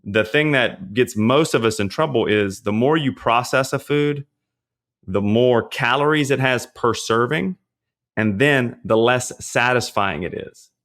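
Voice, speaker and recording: A man, a pastor and fitness trainer, talking as a podcast guest and giving casual nutrition advice in a relaxed, chatty way, often checking in with "you know what I mean?". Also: medium pitch, unhurried. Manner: relaxed, chatty, frequent fillers and rhetorical checks.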